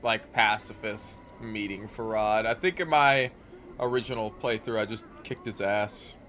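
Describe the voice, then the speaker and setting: A man's voice: on the low side, measured pace, bright, forceful tone, slight background noise. A man streaming a game live, chatting casually and reading the game's narration aloud with the odd stumble.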